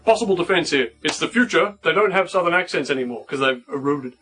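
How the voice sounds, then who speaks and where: A man's voice: on the high side, animated, quick pace, fairly bright tone, faint music behind. A man co-hosting a review show in casual, comedic chat, irreverent, crude and sarcastic. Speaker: co-host, film reviewer.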